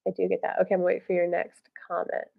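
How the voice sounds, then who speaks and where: A woman hosts a live stream, giving psychic readings and answering viewer comments in a chatty, conversational flow of guidance. Her lowish voice is monotone, creaky and narrow, delivered rapid-fire over tinny audio.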